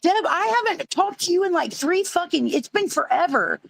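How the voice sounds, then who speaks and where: A woman's voice: very high voice, animated, moderate pace, gravelly, poor audio. A woman arguing heatedly on a live stream panel, defensive and profane, often stumbling over her words.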